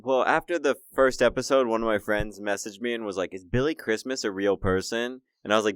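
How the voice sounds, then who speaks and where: A man's voice: on the low side, a little fast, few pauses, smooth, dry recording, studio quality. A man co-hosting a casual podcast, easygoing and chatty. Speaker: podcast co-host.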